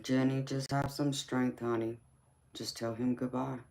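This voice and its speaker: With a very deep, darkish voice, flat and unhurried, a woman from the Southern United States hosts a casual tarot livestream. In her Southern Georgia accent she reads out comments, laughs often and calls people honey and sweetheart.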